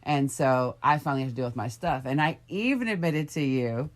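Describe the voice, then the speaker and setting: Low-voiced middle-aged woman, reflective. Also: a little fast. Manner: reflective, soothing and supportive. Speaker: podcast co-host. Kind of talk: candid casual chat. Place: bedroom, on a bed.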